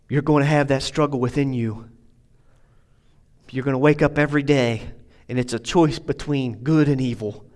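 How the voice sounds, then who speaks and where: A male pastor preaching a sermon, moving from emphatic, rising passages to quieter, reflective stretches. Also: on the high side, low-quality recording. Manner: preaching with swelling, emphatic delivery that drops to quiet asides.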